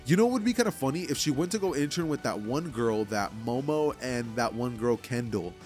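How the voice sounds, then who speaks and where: A man's voice: mid-range voice, expressive, fairly quick, darkish tone, faint music behind. A man casually telling a fan-made story, rambling and filling with "like" and "you know".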